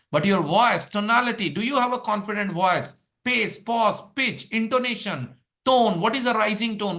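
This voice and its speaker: High, bright-voiced coach. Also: male voice. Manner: energetic, drills points with rhetorical questions and lists. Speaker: English speaking coach. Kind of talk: live workshop teaching.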